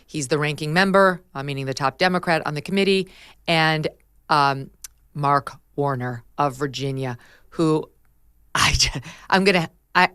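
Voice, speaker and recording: A middle-aged woman hosting a talk show, brisk and emphatic, sometimes laughing as she talks. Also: low-pitched, a bit bright, clear, resonant tone, no echo, studio quality. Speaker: host. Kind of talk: talk show host chat and read ad.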